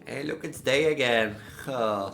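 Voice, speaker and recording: A man's voice: mid-range voice, measured pace, gravelly, a bit bright, faint music behind. A man casually commenting on a horror game he plays, rambling and musing aloud with many "like"s. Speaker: gameplay streamer. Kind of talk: casual let's-play commentary.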